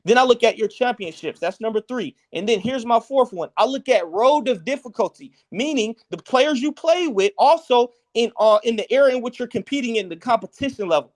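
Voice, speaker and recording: A man's voice: very high voice, animated, fairly quick, hardly any pauses. A man co-hosting a sports podcast, laying out his ranking criteria point by point in a heated casual debate, checking in with "right?" as he goes. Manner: lays out points step by step, tags lines with "right?". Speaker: podcast co-host.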